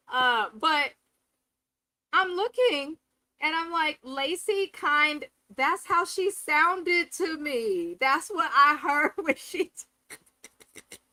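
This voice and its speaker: Candid, animated woman reviewing reality TV. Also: high voice, no echo, rough recording. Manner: candid, profane, dramatic quoting of cast members. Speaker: reality TV recap host. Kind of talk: live casual review commentary.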